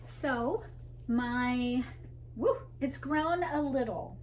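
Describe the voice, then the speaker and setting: A woman's voice: sits high, extremely slow, darkish tone, slight background noise. Chatty woman showing her crochet. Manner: chatty and meandering, with laughs and asides to viewers. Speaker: crochet podcast host. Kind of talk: casual show-and-tell chat to camera.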